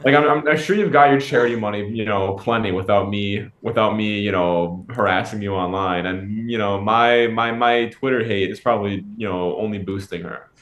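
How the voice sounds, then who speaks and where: A man with a fairly low voice chats casually as a podcast co-host. He rambles, stalls on fillers and restarts his sentences, and the sound comes through with a noticeable room echo. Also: fairly bright tone. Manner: rambling, halting, full of fillers. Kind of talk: casual chat. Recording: echoey room.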